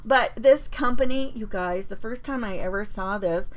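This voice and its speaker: A woman's voice: mid-range voice, normal speed, poor audio. A woman hosting a live paper-craft demonstration from her home craft desk. She chats casually and greets viewers by name as she works.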